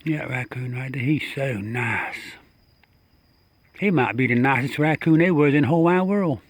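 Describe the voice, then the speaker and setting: A man's voice: mid-range voice, normal speed, no room sound. A man, talking casually and coaxingly to an animal outdoors at night, chuckling and repeating himself. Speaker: backyard wildlife videographer.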